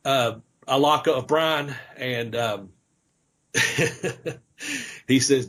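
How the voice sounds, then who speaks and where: A man's voice: medium pitch, extremely slow, long pauses, a bit bright. A middle-aged man, a former wrestler, casually telling rambling stories on a podcast, with lots of fillers and laughter. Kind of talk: casual storytelling chat.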